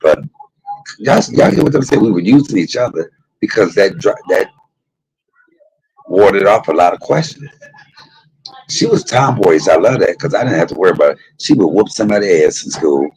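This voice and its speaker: A man hosting his own show, telling a personal story in an animated, profane way and talking straight to his listeners. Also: low voice, normal speed, pauses often, slightly rough, low-quality recording. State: emotional, tearful at times. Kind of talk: candid storytelling monologue.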